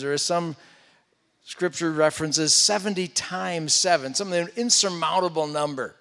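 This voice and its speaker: A man preaching a sermon, retelling a scripture story with loud emphasis and hushed asides. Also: a little high, moderate pace, big-room sound. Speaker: pastor.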